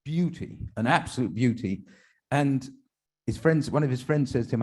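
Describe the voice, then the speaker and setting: Speaking at a moderate pace, this man has a medium-pitched voice with a darkish tone. He's a rabbi doing stand-up for his congregation, stringing jokes together and dropping in chatty, self-mocking remarks between punchlines.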